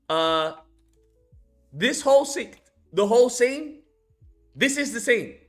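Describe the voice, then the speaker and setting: A man reviewing a film in a casual rant, animated and profane, laughing as he recaps scenes. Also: high voice.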